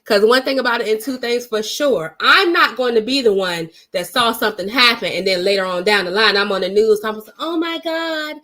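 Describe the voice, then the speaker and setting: A woman's voice: mid-range voice, fairly quick, hardly any pauses, pushed and bright. A woman vlogger telling a story in a casual, blunt and emphatic way, swearing freely and retelling it dramatically.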